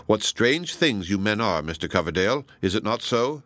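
A man reading the part of a proud, passionate woman, measured and ironic. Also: on the low side, sing-song, fairly bright tone, no echo. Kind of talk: audiobook reading.

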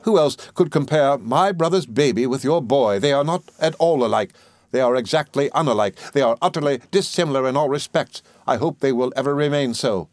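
Brief: shrill, stern spinster woman, cold and scolding, storybook reading, high and sharp, a man putting her on. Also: very animated, no room sound. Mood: scornful. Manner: scolding, clipped, drawn-out words.

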